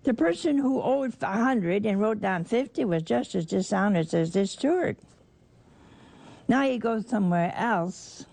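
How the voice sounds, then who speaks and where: A woman's voice: mid-range voice, expressive, a little slow, vocal fry, darkish tone, no echo. A woman preaching a folksy sermon, teasing her listeners and acting out the people in a parable.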